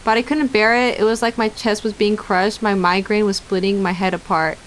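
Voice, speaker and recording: A woman's voice: mid-range voice, little pitch movement, normal speed, slight background noise. A young woman streamer reading visual novel narration aloud, breaking off into giggly casual asides to chat.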